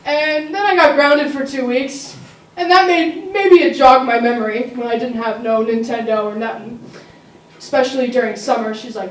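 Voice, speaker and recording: A woman's voice: on the high side, steady tone, fairly quick. Teenage girl telling a comic story on stage. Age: teens. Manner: comic, conversational, asides to the audience. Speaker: student storyteller. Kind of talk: live story slam. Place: school auditorium. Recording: roomy, distant mic, faint noise.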